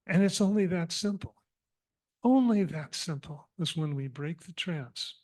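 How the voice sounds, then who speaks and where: A man giving a sermon as minister, telling a parable in an animated, humorous and reflective way. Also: on the high side. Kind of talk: storytelling sermon.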